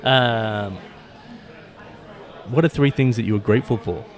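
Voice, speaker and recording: A man with an Australian accent hosting a casual podcast interview, chatty and telling animated stories. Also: mid-range voice, unhurried. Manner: chatty, swearing, animated storytelling. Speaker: podcast host.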